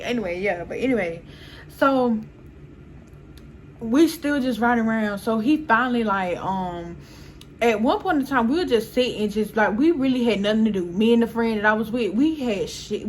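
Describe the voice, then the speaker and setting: A young woman, telling a storytime in a casual, animated way, swearing and often quoting people. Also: a little high, a little hiss or hum. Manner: animated, swearing, laughs often, quotes people in quick bursts. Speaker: storyteller vlogger.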